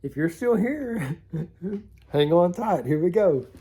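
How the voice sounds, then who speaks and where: His voice sits high yet sounds dark and husky, with lively intonation, and he takes things slowly. In a casual vlog he wanders through funny stories and laughs at himself, recorded via a camera mic on a tilting setup.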